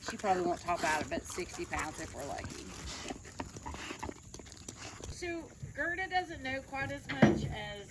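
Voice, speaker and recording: A woman's voice: high voice, sing-song, moderate pace, pauses often, very noisy. A woman dog breeder casually explaining a dog's build and giving firm, short commands outdoors. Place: outdoors on a rural farm.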